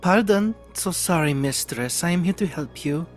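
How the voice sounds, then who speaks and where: A man's voice: fairly high pitch, lively intonation, moderate pace, faint music behind, voice pushed up, lightly acted. Nervous servant girl, stammering apologies, played by a man.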